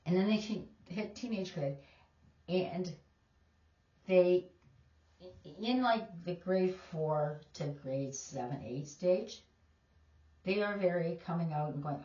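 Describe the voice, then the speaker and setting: A woman's voice: on the low side, takes it slowly, long pauses, warm tone. A woman teacher, giving emphatic, opinionated casual commentary. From Canada. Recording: distant, echoey, dull lo-fi.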